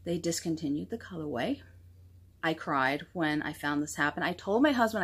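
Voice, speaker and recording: A woman's voice: sits low, lively intonation, moderate pace, husky. Female knitting podcast host, casual and chatty, gushing, self-deprecating. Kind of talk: casual show-and-tell chat.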